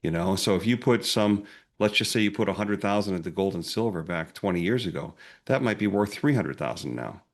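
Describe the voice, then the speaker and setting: Male advisor guest, deep voice, plainspoken, conversational. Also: animated, brisk. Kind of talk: conversational panel discussion.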